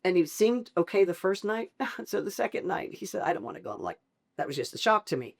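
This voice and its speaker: A woman's voice: medium pitch, fairly quick. A middle-aged woman, a podcast guest, telling a personal story with feeling, laughing often and acting out the dialogue. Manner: expressive, laughs often, acts out quoted dialogue.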